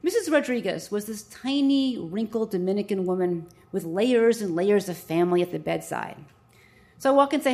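A woman doctor tells a personal story to listeners in a lively, wry way. Her voice sits at a middle pitch, and she leans into comic timing as she goes. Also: moderate pace. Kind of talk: stage storytelling.

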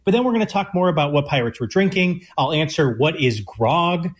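Slightly high-voiced male co-host for radio; eager, explains in quick bursts. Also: expressive. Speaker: chef and co-host. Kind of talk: casual radio food chat.

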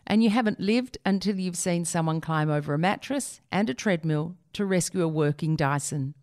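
A woman's voice: on the low side, moderate pace, darkish tone. A woman reading a humorous essay aloud in a wry, dry way. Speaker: reader of an essay.

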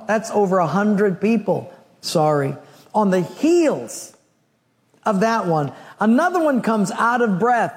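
A man preaching a sermon, telling a Bible story in an animated way with humorous asides. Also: high voice, slow, big-room sound. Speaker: pastor.

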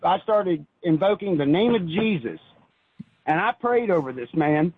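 A man calling in to a radio show, telling a personal religious story in an earnest, halting way with frequent restarts. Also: high voice, lively intonation, slightly rough, no room sound. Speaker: caller. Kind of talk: phoned-in personal testimony. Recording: tinny phone line.

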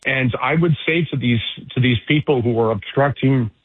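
A man's voice: medium pitch, moderate pace, breathy edge, no room sound. Blunt male guest on a tinny phone line. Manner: blunt, insulting, emphatic. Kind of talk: combative political commentary.

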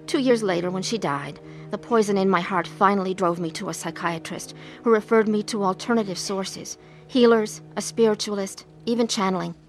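A woman's voice: mid-range voice, moderate pace, faint music behind. Earnest woman telling her own story. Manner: earnest and emotional. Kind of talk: dramatized testimony narration.

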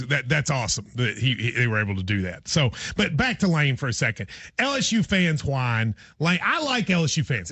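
A man's voice: on the high side, a bit bright, dry recording. A man hosting a sports talk radio show, loose and joking as he talks over his cohosts.

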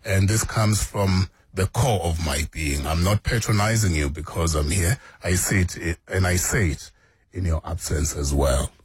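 A man in his fifties speaks in a very low, husky voice. His answers are slow, measured and earnest, broken by 'uh' pauses, and his voice sounds dry and close to the mic. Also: no room sound. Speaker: veteran radio broadcaster, guest.

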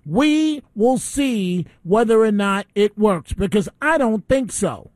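A man's voice: high voice, expressive, slow pace, darkish tone, dry recording. A man hosting a call-in radio talk show, ranting indignantly between calls. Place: radio studio.

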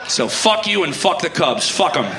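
A man doing stand-up, chanting and shouting a repeated bit on stage in a comedy club. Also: fairly high pitch, expressive, moderate pace, roomy sound, very noisy.

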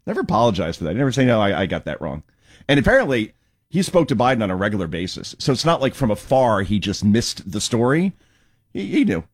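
A man's voice: fairly low pitch, big pitch swings, fast talker, slightly rough. A man hosting a talk show, giving sarcastic, mocking political commentary.

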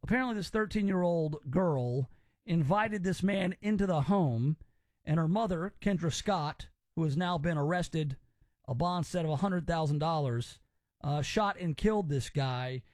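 A man's voice: on the high side, normal speed, darkish tone, no room sound, clean studio sound. A man from Memphis hosting a casual talk radio show, opinionated and rambling as he reacts to stories. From Memphis, Tennessee, US.

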